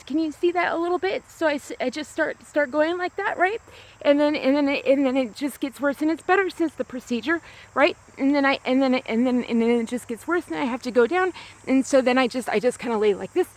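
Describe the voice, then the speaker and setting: A woman talking to a small camera outdoors on a grassy hill, in a rambling casual monologue full of "like" and restarts. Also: sits high. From United States. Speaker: vlogger.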